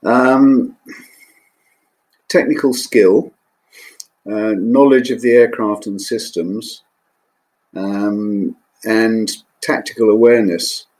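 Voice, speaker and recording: An older man, a former naval pilot, recalling his flying days in an interview, measured and hesitant with frequent ums. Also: on the low side, fairly even intonation, a little mellow. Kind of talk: interview recollection.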